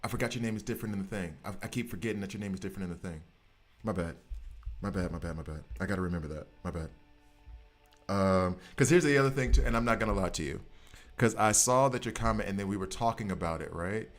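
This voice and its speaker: Low-voiced man rambling to his stream chat. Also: quick pace. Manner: rambling, self-correcting, chats directly with viewers. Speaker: gaming streamer. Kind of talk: casual live-stream chat.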